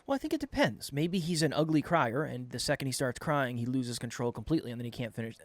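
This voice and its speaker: A man co-hosting a podcast talks things through in a relaxed, reflective way. His voice is at an average male pitch, and the recording is close and dry. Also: fast talker, no echo. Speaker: podcast co-host. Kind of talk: casual conversation.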